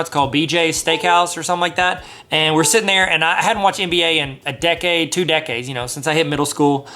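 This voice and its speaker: A man in his thirties hosting a sports card video, talking fast and excited with jokey asides. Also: fairly high pitch. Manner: hyped, jokey, apologetic asides. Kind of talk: excited casual vlog talk.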